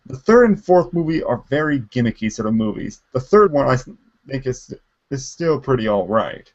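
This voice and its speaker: A man appearing as a guest reviewer on a casual livestream Q&A, relaxed and unhurried, giving short replies and easygoing opinions. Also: mid-range voice. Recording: dull lo-fi livestream audio.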